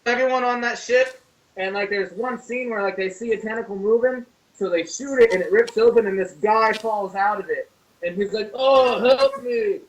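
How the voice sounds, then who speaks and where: A man on a horror podcast telling childhood stories in casual chat, animated and full of profanity. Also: high voice, fairly quick. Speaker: podcast co-host. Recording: distant mic with faint noise.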